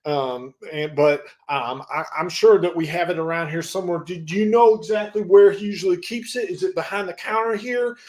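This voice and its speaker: A man's voice: sits high, a little fast, hardly any pauses, a little mellow, lightly acted. A man playing a fumbling, nervous young clerk. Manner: fumbling, hesitant, many ums. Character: nervous young shop clerk on his first day. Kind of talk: improvised comedy scene.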